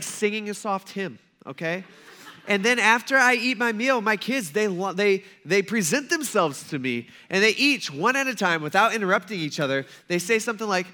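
A man's voice: high voice, pushed and bright. A man in his thirties preaching a sermon in a humorous, conversational way, acting out little scenes. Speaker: pastor.

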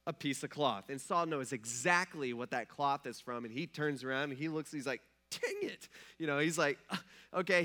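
Bright-voiced pastor telling a story. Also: male voice, high-pitched. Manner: conversational storytelling, acts out characters casually. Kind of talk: sermon.

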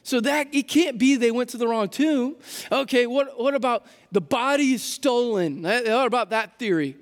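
High-voiced preacher in a reverberant hall. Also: male voice, moderate pace. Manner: casual, animated storytelling with frequent restarts. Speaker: pastor. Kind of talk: sermon.

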